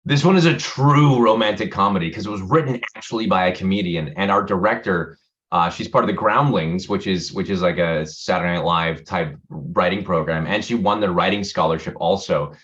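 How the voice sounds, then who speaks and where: A man's voice: low-pitched, fairly quick, a bit bright. A man, an actor being interviewed, chatting casually over a video call, rambling, restarting his sentences and laughing easily. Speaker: actor guest. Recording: dull lo-fi video call audio.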